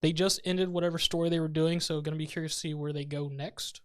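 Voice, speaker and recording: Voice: mid-range voice, fairly even intonation, quick pace. A podcast co-host chatting casually about anime, tossing in short jokes and questions. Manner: short joking interjections. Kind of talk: casual anime review chat.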